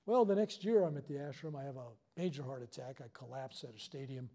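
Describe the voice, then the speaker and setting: A man's voice: medium pitch, expressive, fast talker, warm tone. A man leading a spiritual workshop, telling a personal story to a live audience in a joking, self-deprecating way.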